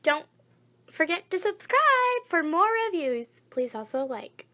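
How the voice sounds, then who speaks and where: A man doing a squeaky slow announcer. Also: lively intonation, pushed and bright, full character voice. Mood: pleading.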